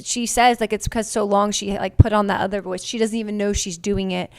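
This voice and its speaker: A woman's voice: medium pitch, fairly even intonation, fairly quick, a little mellow, clean tone, no echo. A young woman co-hosting a podcast, chatting playfully and casually. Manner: playful, chatty, imitates voices. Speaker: podcast co-host. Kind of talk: casual chat.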